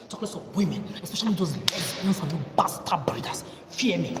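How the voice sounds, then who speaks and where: A woman delivers a confrontational livestream rant, full of accusing rhetorical questions, in a fairly low voice. She sounds far from the mic in an echoey room with a long reverb tail, and steady background noise sits clearly under her. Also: moderate pace, few pauses. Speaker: livestream host. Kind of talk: ranting livestream monologue.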